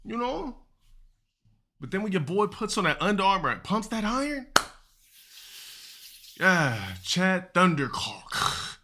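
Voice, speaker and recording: A man's voice: mid-range voice, noisy background. A man chatting casually on a live stream, profane and boastful, laughing between remarks.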